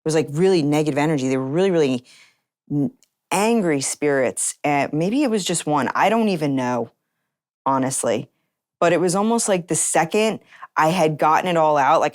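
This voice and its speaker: A woman's voice: low voice, a little mellow, no room sound, studio quality. A woman telling her personal story in an interview, earnest and acting out remembered conversations. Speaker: interview guest.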